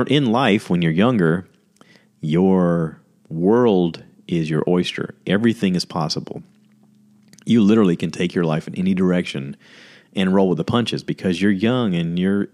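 Man, very deep voice, chatty solo podcast host, acts out quotes in goofy high voices. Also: a little mellow. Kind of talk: casual solo podcast monologue.

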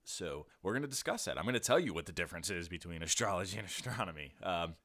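Deep, lively-voiced joking podcast host man. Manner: joking and laid-back, quick to apologise and laugh at himself; frequent restarts and self-corrections. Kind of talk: casual science podcast.

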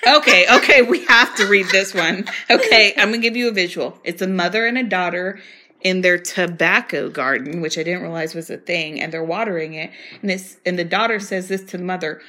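A young woman cohosts a loose, giggly chat and reads old ads aloud in a lively way. Her voice is crisp and bright, at a middle pitch. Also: fairly quick. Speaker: podcast co-host. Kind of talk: casual chat.

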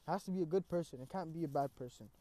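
A man's voice: a little high, racing, dry recording. A young man in casual conversation, telling a personal story with street slang and lots of "bro", acting out his own reactions. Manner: animated, acts out his own cries.

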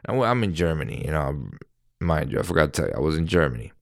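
A man's voice: extremely low pitch, big pitch swings, fast, gravelly, dry recording, clean studio sound. A middle-aged man telling a rambling story on his podcast, with profanity and constant self-corrections. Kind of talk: casual storytelling. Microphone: podcast microphone.

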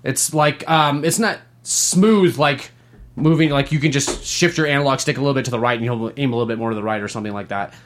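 Man, podcast co-host, casual gaming chat, laughs a lot, swears freely, animated, mid-pitched voice. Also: fast, slight background noise. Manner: profane, laughing, animated storytelling.

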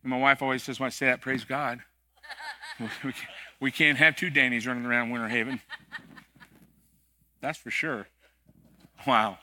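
Bright-voiced, joking male pastor preaching. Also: medium pitch, fairly even intonation, moderate pace, pauses often, a little hiss or hum. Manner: conversational, joking, emphatic. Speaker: executive pastor. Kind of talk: sermon. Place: church sanctuary.

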